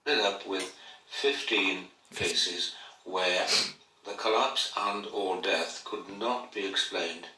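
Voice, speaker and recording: A man answering interview questions in a formal, deliberate way, heard as a played-back clip. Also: deep voice, echoey room, recorded from a distance, background noise. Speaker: interviewee on a podcast.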